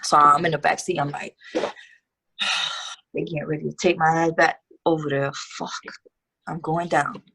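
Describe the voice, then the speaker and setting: Gravelly-voiced woman telling a hard story. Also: deep voice, flat delivery, a little slow, long pauses, pushed and bright. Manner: candid, profane, street slang. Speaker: guest. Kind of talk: casual storytelling interview.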